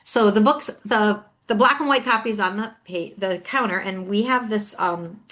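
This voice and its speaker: A middle-aged woman, a podcast host and author, telling a story in a chatty, animated way and acting out the other people's lines. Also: medium pitch, moderate pace. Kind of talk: solo storytelling chat.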